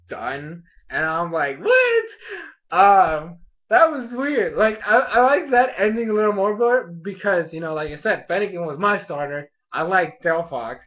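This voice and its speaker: A man casually reviewing an anime episode, rambling with lots of fillers and excited laughs. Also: a little high. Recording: dull lo-fi sound.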